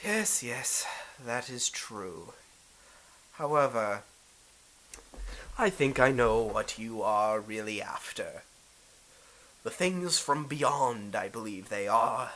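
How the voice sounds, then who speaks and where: A man voicing a scheming feudal lord in a tabletop role-play game, with slow, measured speech and amused laughs. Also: medium pitch, expressive, fairly bright tone, poor audio. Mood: smug. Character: scheming male feudal lord, smug and confident.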